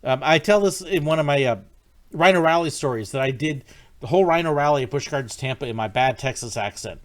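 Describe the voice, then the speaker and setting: A man with a slightly higher voice than most, chatting casually on a home livestream. He rambles in a friendly way, greets viewers by name and fills his pauses with ums and restarts. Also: animated. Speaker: livestream host answering viewer questions. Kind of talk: casual live-stream chat.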